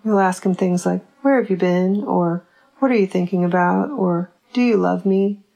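Sneering texan mom, low gravelly voice, as a lady reader puts her on. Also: moderate pace, warm tone, highs cut off. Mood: scornful. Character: scornful older mother, sneering and witty.

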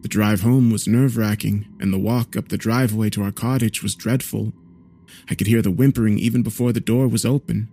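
Low-voiced man narrating a horror story. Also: fairly even intonation, warm tone, soft background music. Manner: measured, somber storytelling.

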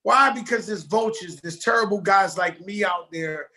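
A man with a New York accent, a guest chatting on a video call in a lively, streetwise way. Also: high-pitched, normal speed. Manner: animated, laughing, streetwise slang. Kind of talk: casual video call interview.

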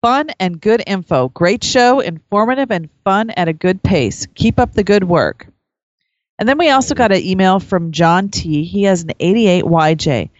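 A woman's voice: mid-range voice, animated, moderate pace, dry recording, muffled recording. A woman co-hosting a casual podcast, reading listener reviews aloud. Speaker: podcast co-host.

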